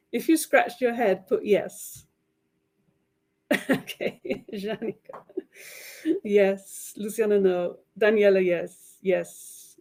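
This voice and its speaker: A woman's voice: mid-range voice, fairly even intonation, drawn-out words, pauses often, darkish tone, slight background noise. Female webinar presenter for teachers, mid-range voice, friendly and chatty, checks in with her listeners a lot. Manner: friendly, checks in often with "right?" and "okay?", laughs lightly. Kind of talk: online webinar talk to teachers.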